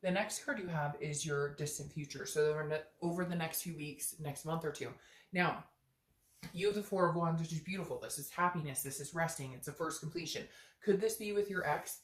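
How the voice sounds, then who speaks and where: A woman's voice: low voice, fairly quick, roomy sound. A woman giving a casual, earnest tarot reading to camera, chatty and thinking aloud with many fillers. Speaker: tarot reader.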